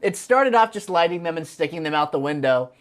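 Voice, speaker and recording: A woman's voice: low voice, lively intonation, fairly quick. A young woman co-hosting a casual chat show, teasing playfully and giggling as she recalls a story. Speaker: co-host.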